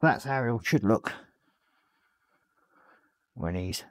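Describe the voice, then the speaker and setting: A man hosting a live hobby stream, hoarse and losing his voice, casually talking through a miniature build and apologising. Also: mid-range voice, lively intonation, slow pace, dry recording, clean studio sound. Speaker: hobby livestream host.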